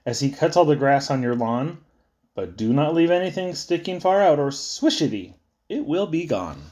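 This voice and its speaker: A man giving a playful, sing-song reading of children's poems, with sudden high squeaks and low drops. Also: sing-song, moderate pace, darkish tone. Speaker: poetry reader.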